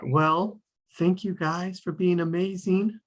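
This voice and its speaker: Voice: mid-range voice, fairly even intonation, takes it slowly. A host wrapping up an online table-read show over a video call, upbeat and encouraging. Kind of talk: casual chat, wrapping up the show.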